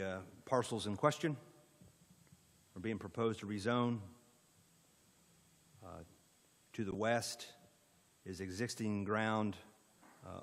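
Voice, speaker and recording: A man's voice: fairly low pitch, long reverb tail. A man with an Indiana accent presenting a rezoning proposal at a county planning meeting, in an orderly way with frequent fillers. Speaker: economic development presenter.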